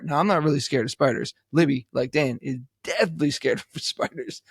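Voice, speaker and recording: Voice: mid-range voice, fast talker, no echo, studio quality. A podcast co-host telling stories animatedly, acting out other people's voices and swearing casually. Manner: animated storyteller, acts out quoted voices, laughs and swears. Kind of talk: casual chat.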